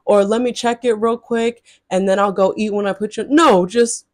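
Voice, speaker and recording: A woman vlogger telling a story straight to her viewers, chatty and blunt, swearing freely and jumping into high exasperated outbursts. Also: steady tone, moderate pace, no room sound, studio quality. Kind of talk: casual storytelling to camera.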